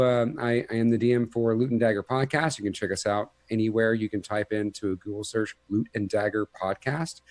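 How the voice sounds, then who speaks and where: Low-voiced man rambling cheerfully. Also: darkish tone, dry recording. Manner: rambling, self-interrupting, upbeat. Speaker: guest player, podcast game master. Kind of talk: casual chat.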